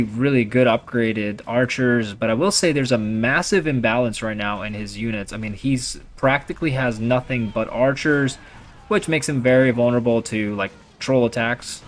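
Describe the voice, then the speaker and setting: Young man, casual gameplay commentary, rambling, chatty, fillers, mid pitch.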